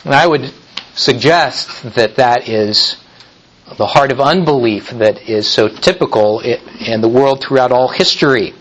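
A man preaching a sermon in an emphatic, deliberate way, often restarting his phrases. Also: mid-range voice, low-quality recording.

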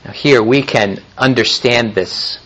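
A man preaching a sermon in a measured way, with frequent pauses and restarts. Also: mid-range voice, a bit bright, lo-fi sound, slight background noise. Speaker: pastor.

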